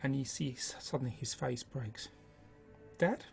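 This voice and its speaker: A man narrating a tabletop game as game master, in a slow, hushed storytelling manner. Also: mid-range voice, steady tone, vocal fry, breathy edge, faint music behind.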